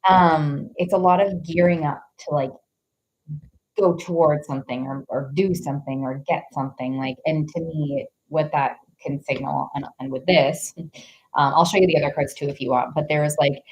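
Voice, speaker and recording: Low-voiced woman doing a rambling tarot reading. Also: steady tone, moderate pace, darkish tone, breathy edge, low-quality recording. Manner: rambling, heavy use of "like", greets viewers mid-reading. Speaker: tarot reader. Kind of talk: live-streamed tarot reading.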